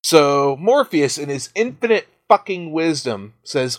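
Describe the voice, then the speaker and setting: A man's voice: on the high side, a little slow, hardly any pauses, no room sound, clean studio sound. Profane, laid-back storytelling man. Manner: profane, animated storytelling with laughs. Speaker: podcast host. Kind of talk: casual chat retelling a story.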